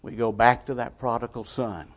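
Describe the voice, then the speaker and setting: A man's voice: mid-range voice, steady tone, moderate pace. Emphatic man preaching a sermon. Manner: emphatic, rhetorical questions, swings between quiet and forceful.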